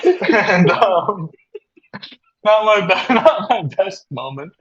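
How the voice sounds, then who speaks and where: A man's voice: fairly high pitch, normal speed. Laughing man on a muffled video call. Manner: laughing through absurd confessions, breaking into loud acted quotes. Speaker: comedy video co-host. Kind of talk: deadpan mock apology, improvised comedy.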